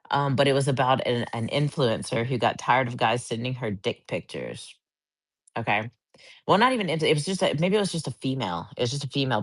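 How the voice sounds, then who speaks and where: A woman's voice: extremely low pitch, no room sound. A woman co-hosting a casual online audio chat, telling rambling stories full of "like" fillers. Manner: rambling storyteller with frequent "like" fillers.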